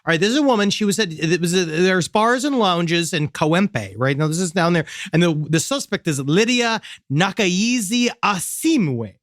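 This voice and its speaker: A man co-hosting a casual comedy podcast, riffing excitably and joking as he reads stories aloud. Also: high-pitched, moderate pace, hardly any pauses, no echo, studio quality. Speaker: podcast co-host.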